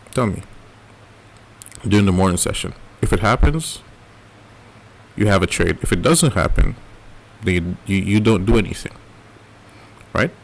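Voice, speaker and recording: Gravelly low-voiced man teaching trading. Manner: repeats "right?" as a check-in, casual and coaching. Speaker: trading educator. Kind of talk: live-streamed trading lesson.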